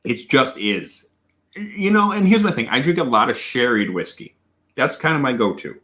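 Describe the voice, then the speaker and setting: A man hosting a casual livestream whiskey tasting. He is excitable and profane, bursts into amazed exclamations, and answers viewer chat. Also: medium pitch, moderate pace. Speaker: whiskey reviewer and host.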